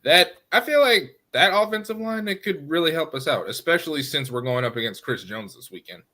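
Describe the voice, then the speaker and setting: A man talking as a podcast guest, opinionated and animated about the team's play. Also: a little high, a little fast. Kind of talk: casual sports talk.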